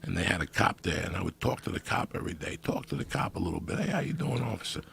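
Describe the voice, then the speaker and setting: Gravelly deep-voiced man telling wild stories. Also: fast, slight background noise. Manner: loud animated storytelling with heavy swearing. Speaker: podcast guest storyteller. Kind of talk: profane comedic storytelling.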